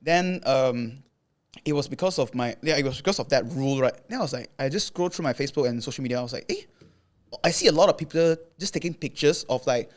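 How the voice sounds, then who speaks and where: A young Malaysian man appears as a podcast guest and content creator, speaking at a medium pitch and a fast clip. He casually spins a long story packed with fillers, animatedly acting out the quotes as he retells it.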